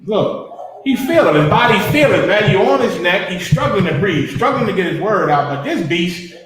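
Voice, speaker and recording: High-voiced man in a booming echoey room. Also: big pitch swings, moderate pace, fairly bright tone. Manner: fervent, preacher-like, blunt street slang. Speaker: podcast host. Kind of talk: impassioned commentary over video footage.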